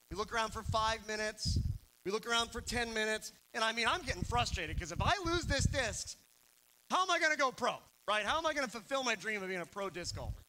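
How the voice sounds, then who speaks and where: A young man preaching a sermon, telling stories with animated, self-deprecating humor. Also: sits high, low-quality recording.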